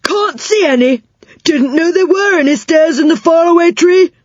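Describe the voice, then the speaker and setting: A woman reading a children's audiobook, voicing a cheerful, deaf little man covered in saucepans who talks loudly and mishears what people say. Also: very high voice, moderate pace, no room sound, pitched above the performer's own voice. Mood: cheerfully confused. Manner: loud, mishears words and answers them. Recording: slightly muffled, dry sound.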